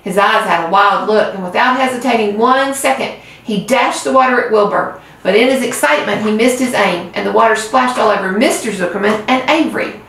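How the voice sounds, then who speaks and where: A woman who hosts a reading channel, reading a children's book aloud with gentle storytelling. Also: mid-range voice, brisk. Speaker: reader. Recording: roomy, far from mic.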